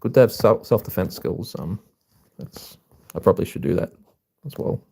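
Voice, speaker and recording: A man chatting casually with viewers on a live stream, relaxed and full of filler ums. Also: lowish voice, normal speed, creaky. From Australia.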